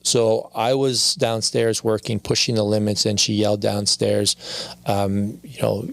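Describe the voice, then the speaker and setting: A man with a gravelly, creaky voice talks as a podcast guest and reflects openly on his life. He often circles back and repeats his phrases. The sound is close and dry, with no room echo. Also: fairly low pitch, flat delivery, unhurried, a bit bright. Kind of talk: candid podcast conversation.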